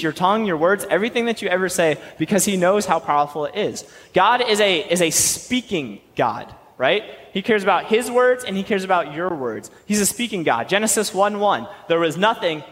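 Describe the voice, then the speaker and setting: Young man, preacher, high voice, animated delivery, long hall reverb. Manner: animated, fast-talking, joking asides. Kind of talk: sermon.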